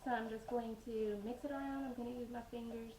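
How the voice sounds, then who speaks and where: A woman's voice: a little high, fairly even intonation, quick pace, warm tone, echoey room, slight background noise, poor audio. A woman telling stories in a casual, rambling way while she bakes bread in her home kitchen. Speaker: home cooking vlogger. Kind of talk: casual storytelling while baking.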